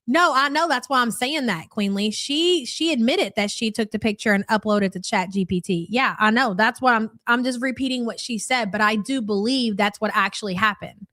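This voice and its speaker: Woman streamer, blunt and mocking, fairly high voice, dry close sound. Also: moderate pace, few pauses, a bit bright, dry recording. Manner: blunt, mocking, swears freely. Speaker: commentary streamer. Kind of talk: casual live-stream commentary.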